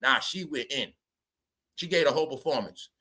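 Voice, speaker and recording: A man's voice: mid-range voice, normal speed, bright, forceful tone, husky, faint music behind. A man giving casual, comedic commentary as a vlogger, rambling, swearing, laughing and stammering as he talks.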